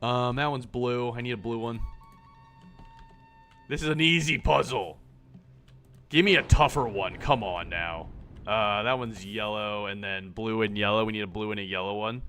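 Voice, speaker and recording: A man streaming a game, reacting loudly with swearing and sarcastic comments. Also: on the low side, fairly even intonation, moderate pace, faint music behind. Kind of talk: live gameplay commentary.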